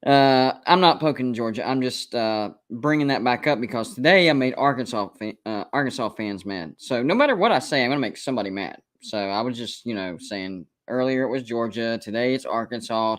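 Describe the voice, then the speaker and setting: A man of middle pitch holds forth on a live sports stream, off the cuff and insistent. He hammers his points by saying them again and again, defending his calls. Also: expressive, a little fast, hardly any pauses. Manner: emphatic and repetitive, defending his takes. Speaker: college football show host.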